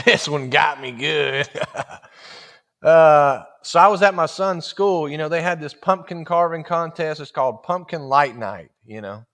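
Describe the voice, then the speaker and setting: A man's voice: a little high, a little slow, fairly bright tone. A man preaching in a folksy, humorous storytelling style, laughing through his stories. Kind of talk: storytelling sermon.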